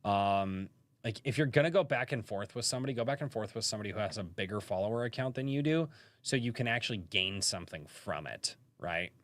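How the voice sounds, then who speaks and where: A man's voice: on the low side, expressive, fast talker, dry recording. A man hosting a live-stream podcast from a rural home, chatting casually and rambling with many fillers and restarts.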